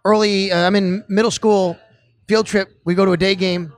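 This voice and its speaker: A middle-aged man from Buffalo, telling old sports stories with growing excitement on a casual podcast. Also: high-pitched, moderate pace, no room sound. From Buffalo area. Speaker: podcast guest. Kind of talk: casual storytelling chat.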